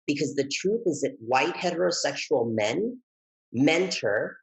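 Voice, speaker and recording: A man guesting on an interview, telling his story in a lively, expressive way that jumps high when he gets excited. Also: unhurried, gravelly, rough recording. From Texas, United States. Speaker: guest, educator and author.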